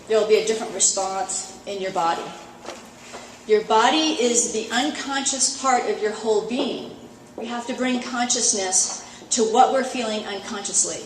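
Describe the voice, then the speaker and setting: Lively woman coach in an echoey hall. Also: a little high, slight background noise. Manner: lively, chatty, acts out inner thoughts. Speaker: horse coach teaching a seminar. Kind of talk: live talk to an audience. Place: hall at a horse expo. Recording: roomy echo, faint ambience.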